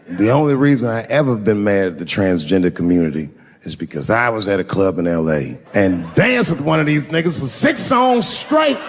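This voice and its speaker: A middle-aged man performing a stand-up comedy set on stage, animated, jumping into loud high shouts and low put-on voices. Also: big-room sound. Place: stage before a live audience.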